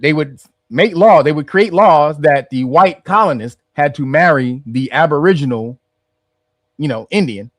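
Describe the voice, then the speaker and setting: A man's voice: fairly high pitch, a bit bright, no room sound, clean studio sound. A man hosting a casual commentary, rambling and restarting his phrases as he explains. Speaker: host.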